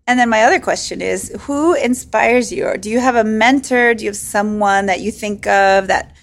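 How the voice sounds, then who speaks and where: Chatty woman podcast host. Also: medium pitch. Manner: chatty, playful, quick to tease. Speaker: dermatologist hosting a podcast. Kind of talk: casual chat.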